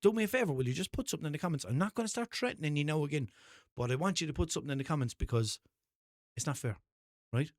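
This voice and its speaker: A man's voice: a little high, expressive, very fast, no echo, studio quality. Sweary Irish man rambling on his podcast. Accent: Limerick Irish. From Ireland. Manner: rambling, sweary, self-mocking storytelling with put-on voices. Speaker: podcast host. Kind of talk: casual solo podcast monologue.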